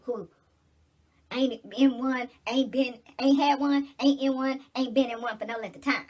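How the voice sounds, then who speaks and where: A middle-aged woman talks straight into the camera while she does her hair, blunt, preachy and swearing freely. Her voice is husky and sits a little high. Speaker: vlogger. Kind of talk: casual get-ready-with-me chat.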